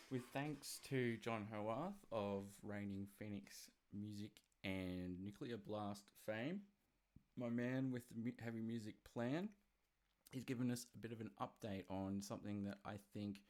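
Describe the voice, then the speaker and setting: A man's voice: on the low side, a little mellow. An Australian man hosting a podcast, reading music news in a rambling, casual way with self-deprecating asides into a desk mic. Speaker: podcast host. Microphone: desk mic with webcam.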